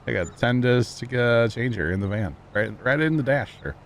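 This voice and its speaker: A man's voice: mid-range voice, lively intonation, moderate pace, gravelly, slight background noise. A man with a Missouri accent hosting a gaming livestream, chatting casually and joking with a folksy drawl. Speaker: livestream host. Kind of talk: casual gaming stream chat.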